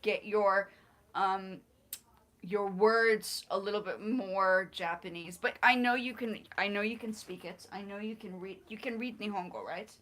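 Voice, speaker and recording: Woman host, mid-pitched, playful and laughing, patiently coaching sounds in a casual stream. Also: measured pace, a bit bright. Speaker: livestream host. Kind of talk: casual livestream chat.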